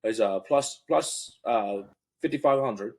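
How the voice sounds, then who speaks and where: A man's voice: on the low side, normal speed, slightly rough. A man co-hosting a casual sports podcast, easygoing as he talks through his picks. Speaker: podcast co-host.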